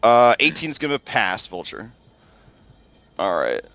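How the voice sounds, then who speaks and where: A man's voice: on the low side, big pitch swings, a little slow, fairly bright tone, no echo, highs cut off, soft background music. A man narrating a tabletop game as game master in loose, chatty talk, swearing and thinking aloud.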